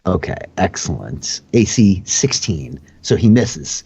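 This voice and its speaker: Low-voiced man running a tabletop game. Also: very animated, takes it slowly, vocal fry, warm tone, breathy edge. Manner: loose, filler-heavy narration with frequent "like". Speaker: dungeon master and host.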